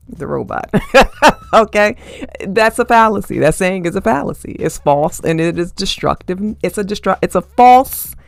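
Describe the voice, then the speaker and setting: A woman's voice: medium pitch, animated, measured pace, creaky, pauses often, no room sound, faint music behind. A woman hosting her own podcast, delivering a sassy, emphatic commentary monologue with frequent laughter and casual swearing. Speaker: podcast host.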